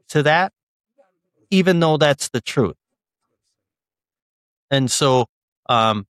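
A man's voice: medium pitch, fairly bright tone, clean tone, dry recording. A young man, an author guest in a casual interview, speaking earnestly with frequent ums and restarts.

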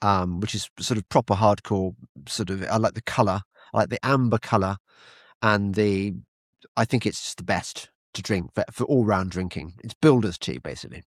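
This British man, speaking at normal speed in a low-leaning voice, hosts a podcast with casual, rambling talk. He frequently stumbles and repeats words. The recording is clean studio sound, free of room noise.

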